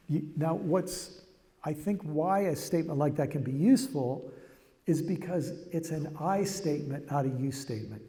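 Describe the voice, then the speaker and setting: A man's voice: fairly high pitch, normal speed, dark tone. An older man giving a reflective, conversational public talk, often restarting his phrases. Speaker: speaker. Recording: long hall reverb.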